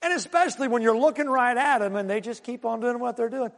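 A male pastor preaching a sermon, swinging between loud calls and quiet low asides. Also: fast, gravelly, few pauses, big-room sound.

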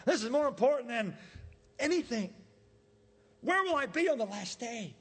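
Emphatic high-voiced male preacher. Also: big pitch swings, moderate pace, husky, in a large hall. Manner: emphatic, rhetorical questions, acts out quoted voices. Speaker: pastor. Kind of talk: sermon. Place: church sanctuary.

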